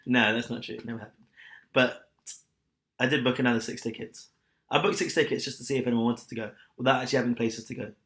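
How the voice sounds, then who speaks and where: A young man co-hosting a casual podcast chat, blunt and scathing and quick to laugh. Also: medium pitch, fairly even intonation, a bit bright. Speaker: podcast co-host. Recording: echoey room.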